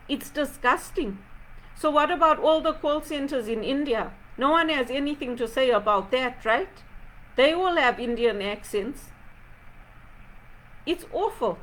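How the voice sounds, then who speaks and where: A woman's voice: high voice, animated, unhurried, fairly bright tone, low-quality recording. A woman from Zimbabwe giving an impassioned spoken reflection, aggrieved and rhetorical, firing off repeated pointed questions. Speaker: video blogger.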